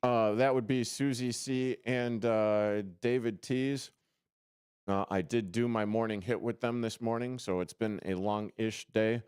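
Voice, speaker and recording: A man's voice: mid-range voice, fairly even intonation, measured pace, darkish tone, clear, resonant tone, dry recording. A man hosting a casual sports radio show from a studio, rambling and joking at his own expense with lots of fillers. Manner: rambling, self-deprecating, many fillers and restarts. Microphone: studio microphone.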